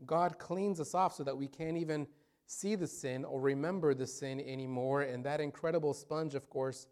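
A man preaching a sermon in a mid-range voice. He stretches out key phrases and scripture lines for emphasis. His loudness swings widely, from near-quiet drops to strong, rising build-ups. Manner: voice rises and falls widely in loudness, dropping low then building up. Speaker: pastor.

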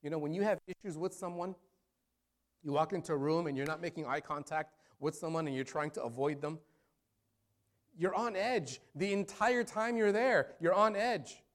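A man preaching a sermon as pastor, rising into loud appeals and falling to hushed, prayerful tones. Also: a little high, moderate pace.

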